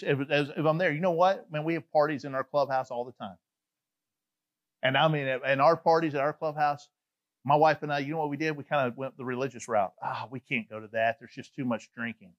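With a slightly high voice captured in dull audio, a middle-aged Southern pastor from Atlanta, Georgia delivers his sermon. He tells it as a lively, talkative story with frequent digressions.

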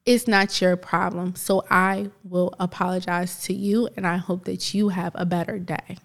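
Woman podcast cohost, talks fast n loose, laughs a lot, goes off on tangents. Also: on the low side, creaky. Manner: animated, rambling, quick to laugh. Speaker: podcast co-host. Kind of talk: casual podcast chat.

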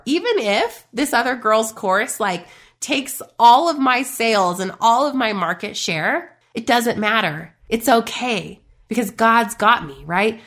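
A woman in her thirties talks straight to her listeners in a chatty, emphatic motivational style. Her voice is bright and forward, sitting at an ordinary pitch for a woman. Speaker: podcast host and business coach. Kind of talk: casual motivational talk.

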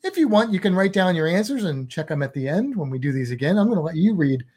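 A man's voice: high-pitched, very animated, fast talker, mellow, husky. A man hosting a casual quiz chat, reading multiple-choice questions with playful jokes. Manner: playful, jokey quizmaster. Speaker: host.

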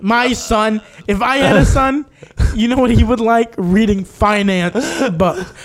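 A man co-hosting a podcast in casual chat, teasing his friend and laughing often. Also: extremely high pitch. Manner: teasing, laughs often, quick bursts when worked up. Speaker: podcast co-host.

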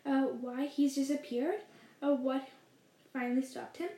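A woman reading aloud and voicing a stern, prim woman professor who speaks in a brisk, clipped, impatient way. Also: sits high, steady tone, dark tone. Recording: roomy echo.

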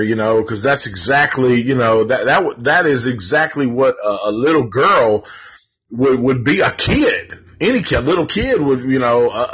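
Male host, casual live film review, slow and profane, husky, dull lo-fi sound. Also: mid-range voice, fairly bright tone. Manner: rambling, profane, many fillers and restarts.

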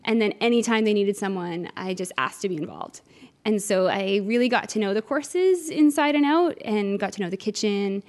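A woman's voice: mid-range voice, animated, moderate pace. Enthusiastic woman guest from Newfoundland. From Newfoundland, Canada. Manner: enthusiastic, warm, chatty with filler uhs. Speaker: guest, cooking school organizer at a resort. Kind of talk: conversational interview answers.

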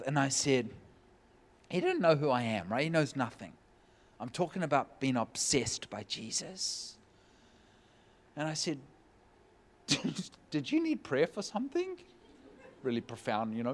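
A man preaching, telling a humorous personal story with lively, joking delivery. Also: medium pitch, moderate pace. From California. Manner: animated, jokey storytelling with laughs. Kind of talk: sermon storytelling.

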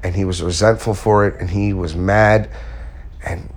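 A man's voice: sits low, fairly even intonation, normal speed. Blunt man giving candid life advice. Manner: blunt, candid, storytelling with acted-out quotes. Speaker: self-help speaker. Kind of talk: casual motivational talk to viewers.

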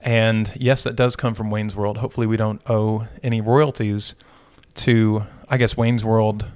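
A man's voice: fairly low pitch, little pitch movement, normal speed, clear, resonant tone. A middle-aged man co-hosting a podcast, chatting casually and joking, rambling with restarts. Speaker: podcast co-host.

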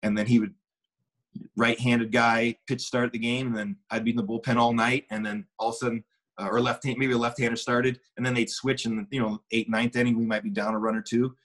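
A man's voice: medium pitch, level tone, fairly quick, fairly bright tone. A middle-aged man, a former baseball player, casually telling a long anecdote with restarts and quoted dialogue. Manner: rambling, with many restarts and acted quotes.

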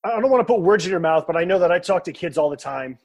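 Brief: interview host, husky voice, slightly high, thoughtful, talks through long questions. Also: male voice, expressive, fast, a little mellow. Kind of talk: conversational interview.

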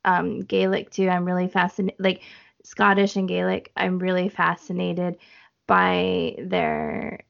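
A woman's voice: fairly low pitch, flat delivery, measured pace, creaky, lo-fi sound. A woman co-hosting a podcast in casual chat, chatty, often trailing off and restarting. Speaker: podcast co-host.

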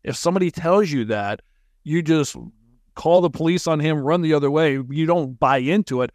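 A man hosting a podcast who asks his guest questions in a halting way, searching for words. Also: fairly high pitch, a little mellow, dry recording, studio quality. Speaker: podcast host. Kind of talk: interview questions.

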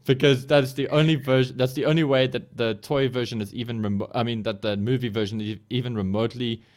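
A man's voice: mid-range voice, steady tone, fast. A man co-hosting a podcast, chatting casually in an enthusiastic, rambling way. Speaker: podcast co-host. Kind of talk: casual chat.

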